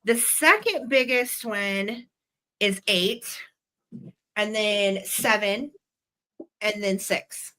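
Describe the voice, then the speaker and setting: Bright, chatty woman hosting a live sale. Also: mid-range voice, drawn-out words, pauses often, low-quality recording. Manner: chatty and effusive, talking straight to the chat. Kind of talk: live online sales pitch.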